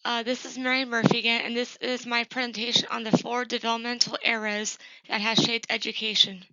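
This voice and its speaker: A woman's voice: on the high side, flat delivery, a little fast, sharp tone, dry recording, muffled recording. A woman giving a recorded class presentation for her professor. She talks plainly and earnestly, with frequent ums and uhs. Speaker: student presenting an assignment.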